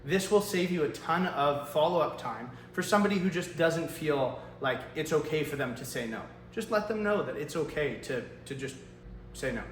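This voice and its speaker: A man with a fairly high voice coaches salespeople on phone calls. He is upbeat and direct and acts out sample greetings. He sounds like he is in an echoey room with a faint hum behind him. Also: animated, moderate pace. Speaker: sales trainer. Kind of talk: direct-to-camera sales tips.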